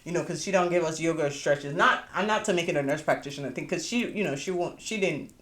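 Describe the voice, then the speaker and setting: A woman hosting a podcast, telling a personal story in casual chat, animated and quick to swear. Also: low-pitched, echoey room. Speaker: podcast host.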